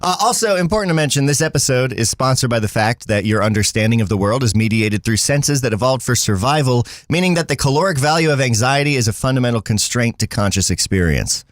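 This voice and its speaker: A man's voice: medium pitch, expressive, fast, hardly any pauses, dry recording. Goofy guy cohosting a stream, reads chat, voice swings all over, dry close mic. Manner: goofy, laughing, reads chat comments aloud. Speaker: co-host. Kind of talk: casual chat on a livestream.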